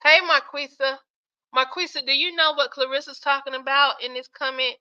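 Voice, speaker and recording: A sleepy woman hosts a relaxed livestream and reads out viewer comments between bursts of laughter. Her voice sounds bright, and the stream audio comes through dull and lo-fi. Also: high voice, moderate pace. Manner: chatty, laughs often, talks straight to viewers. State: sleepy, yawning. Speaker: livestream host. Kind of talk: casual livestream chat reading viewer comments.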